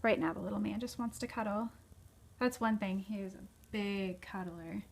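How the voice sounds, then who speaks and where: A woman's voice: medium pitch, fairly even intonation, moderate pace. A young woman talking casually in a home video, chatty and full of fillers, who slips into baby talk with her dog. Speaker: vlogger. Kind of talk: casual vlog. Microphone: phone camera.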